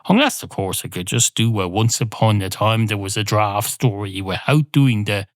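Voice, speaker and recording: A man's voice: on the low side, animated, normal speed, no room sound, clean studio sound. A man hosting a podcast, rambling through a playful comic monologue, often cutting himself off and swearing freely. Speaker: podcast host.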